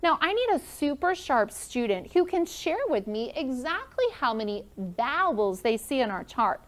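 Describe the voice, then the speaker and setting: A woman's voice: sits high, very animated, moderate pace. A woman teaching a first grade classroom lesson, upbeat and encouraging as she calls on pupils by name. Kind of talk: classroom lesson for students and viewers.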